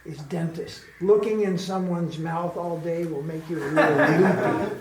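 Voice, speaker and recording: A man's voice: fairly high pitch, steady tone, moderate pace, a little hiss or hum. A man giving an informal spiritual class, joking, laughing often and imitating how people chant. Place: ashram class room. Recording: echoey room with faint background ambience.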